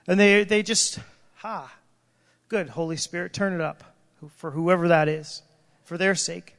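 A man's high, slightly bright voice fills a reverberant hall as he preaches an unhurried yet impassioned sermon. He cries out in prayer and sometimes breaks off partway through a sentence.

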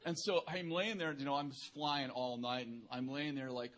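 A man's voice: mid-range voice, steady tone, moderate pace, a bit bright. A male preacher speaks in a mid-range voice, with easygoing and conversational delivery. He keeps poking fun at himself and chuckles as he goes. The sermon feels loose and anecdotal. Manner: humorous, self-deprecating, laughing through anecdotes; casual, conversational, filler-heavy. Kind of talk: sermon with personal storytelling.

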